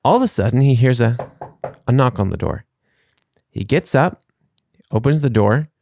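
A man's voice: medium pitch, animated, normal speed, creaky, darkish tone, a little hiss or hum. A man co-hosting a podcast in casual chat, rambling and laughing at his own jokes. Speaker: podcast co-host.

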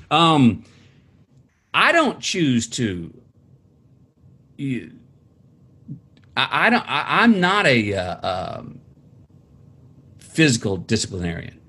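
A man guest telling stories about his family in a halting, searching way, often starting over, then jumping into lively quoted voices. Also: mid-range voice, breathy edge. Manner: halting, many restarts, animated quoting of family. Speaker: interview guest, author. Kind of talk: conversational storytelling.

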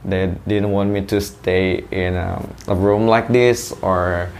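Young indonesian-accented guy, lowish voice, rambling chatty stories, little hiss behind. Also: fairly even intonation, slow pace, darkish tone. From Sulawesi, Indonesia. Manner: chatty storyteller, many fillers and restarts. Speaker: guest, English teacher. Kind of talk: casual chat.

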